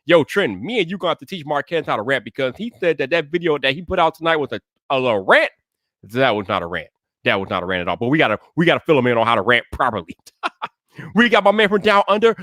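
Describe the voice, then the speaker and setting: A man hosting a live stream, greeting viewers by name in relaxed slangy casual chat. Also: a little high, no echo, clean studio sound.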